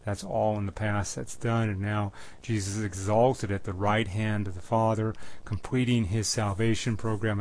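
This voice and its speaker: Low-voiced man preaching a Bible sermon. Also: a little mellow. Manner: measured, repetitive, halting with fillers and restarts.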